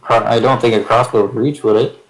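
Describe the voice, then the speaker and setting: A man's voice: medium pitch, fairly even intonation, a little fast, poor audio. A man playing in a tabletop game, casually talking through his plans. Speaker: player. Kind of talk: casual tabletop play online.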